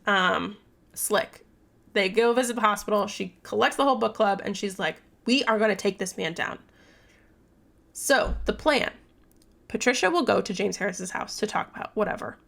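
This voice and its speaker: A young woman vlogs a casual book recap, rambling and cursing freely. Her mid-pitched voice has a strong gravelly fry. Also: a bit bright. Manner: chatty, rambling, profane, many fillers. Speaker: book vlogger.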